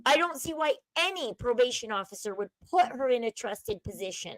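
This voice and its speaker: A woman's voice: on the high side, expressive, a little fast, a bit bright, no echo, low-quality recording. A woman hosting a casual livestream, giving opinions and chatting with viewers. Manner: chatty, opinionated, reads chat aloud. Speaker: livestream host. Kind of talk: casual commentary chat.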